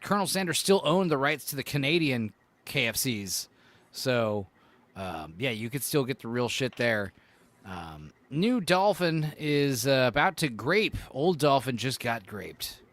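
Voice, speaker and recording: A man's voice: medium pitch, fairly bright tone, dry recording. A man co-hosting a casual podcast chat, rambling and swearing, full of "like" and "you know". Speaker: podcast co-host.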